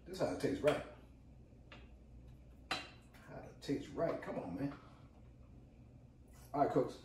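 A man's voice: medium pitch, animated, takes it slowly, pauses often, roomy sound, far from the mic, noisy background. A man hosting a casual cooking demo, hyped and repetitive, calling out to his viewers as he works. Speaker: cooking channel host. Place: home kitchen.

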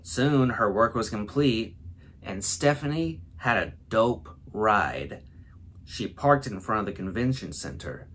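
A man's voice: lowish voice, lively intonation, takes it slowly, a bit bright. A man hosting a comedy show, reading a fill-in-the-blank story aloud and stumbling over the silly words. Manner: breaks into laughter mid-read, stumbling over silly words. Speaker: host. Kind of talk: comedic read-aloud of a word-game story.

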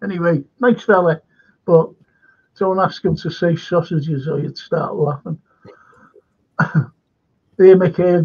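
A man hosts a live stream, reading viewer comments aloud and wandering into casual stories. His voice sits high and he takes his time. The audio comes through dull and lo-fi over a video call. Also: steady tone, a little slow, husky. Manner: reads comments aloud and chuckles at them. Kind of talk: rambling casual chat and anecdotes.

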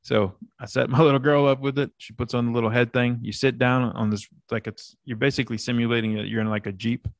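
A man co-hosting a podcast, telling an animated story in casual banter and swearing freely. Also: medium pitch, fast talker, hardly any pauses, dry recording, clean studio sound. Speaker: podcast co-host.

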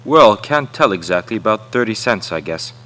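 A man's voice: on the low side, lively intonation, normal speed, a bit bright. A man reading as a cocky labor contractor. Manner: cocky, evasive.

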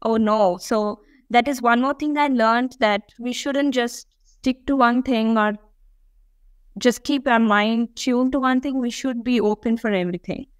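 A woman's voice: on the high side, fairly even intonation, unhurried, smooth, dry recording. A woman guest in a conversational interview, speaking earnestly and reflectively, with frequent fillers. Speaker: guest, dental school applicant.

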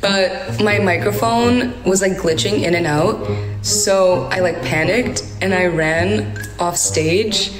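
A woman's voice: mid-range voice, takes it slowly, reverberant, loud music behind the voice. A young woman from Morocco chatting casually on a livestream, giggly and dramatic, laughing often.

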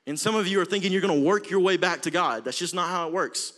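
A young man preaching with an Alabama drawl, his voice sitting high and sounding bright and forceful. He delivers a passionate sermon that swells from hushed moments to near-shouting. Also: fast. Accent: Southern US, Alabama. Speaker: youth preacher.

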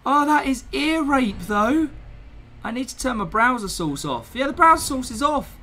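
A live streamer, chatting casually, excitable and flustered, laughing often. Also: high-pitched, normal speed.

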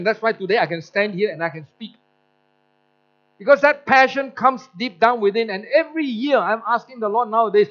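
High-voiced pastor preaching a sermon. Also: male voice, a little fast, lo-fi sound. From Malaysia. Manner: storytelling, acts out quoted voices, frequent restarts.

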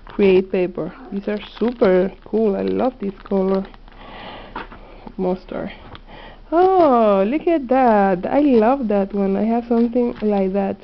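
Woman vlogger, gushing over a haul; slow delivery, dull lo-fi camera sound with faint hiss. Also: mid-range voice. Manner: excited, gushing, slightly non-native phrasing. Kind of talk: casual haul video. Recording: dull lo-fi home video audio.

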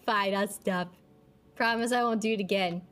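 A woman streaming a horror game in casual chat, jumpy and quick to scream. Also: mid-range voice, fairly even intonation, fairly bright tone, a little hiss or hum. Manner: jumpy, prone to sudden screams.

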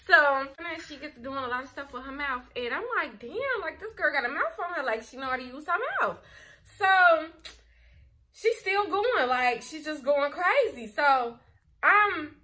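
A young adult woman telling a personal story on her vlog, candid and animated, full of filler words. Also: fairly high pitch. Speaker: vlogger. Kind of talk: casual storytime.

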